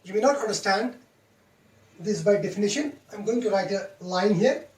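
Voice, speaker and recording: A man teaching a classroom lesson on poetry, speaking deliberately and repeating phrases as he explains. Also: sits high, animated, darkish tone, distant mic. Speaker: English teacher. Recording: echoey room, voice off-mic.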